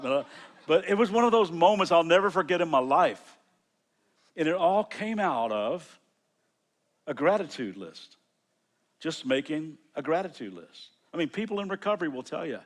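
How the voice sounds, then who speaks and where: Halting, conversational man preaching a sermon. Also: medium pitch. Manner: conversational, halting with frequent restarts. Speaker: pastor. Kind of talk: sermon storytelling.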